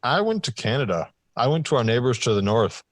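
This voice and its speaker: A man with a medium-pitched voice rambles through a travel story on a casual podcast, swearing freely. The recording is dry and close. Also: sing-song, a little fast, no echo. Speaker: podcast co-host. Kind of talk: casual chat.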